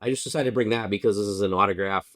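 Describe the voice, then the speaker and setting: A man's voice: lowish voice, very fast, a bit bright, no echo, studio quality. A man co-hosting a podcast in casual chat, laid-back and hedging his words with "like" and "I believe.". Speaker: podcast co-host.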